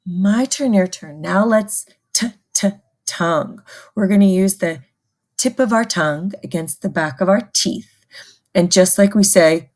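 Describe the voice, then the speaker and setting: A woman's voice: fairly low pitch, a little slow, darkish tone. A woman music teacher giving a patient, call-and-response recorder lesson to children.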